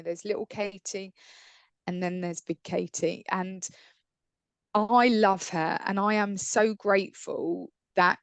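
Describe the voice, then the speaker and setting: A woman's voice: fairly low pitch, dry recording. A woman speaking as a podcast guest, telling her personal story earnestly and acting out the voices in her head. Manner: earnest, acts out inner dialogue.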